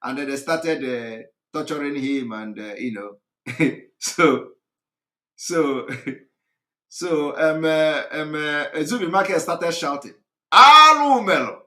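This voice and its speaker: A man's voice: fairly high pitch, takes it slowly, fairly bright tone. A man giving a rambling live broadcast monologue, retelling stories with a comic touch. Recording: roomy echo.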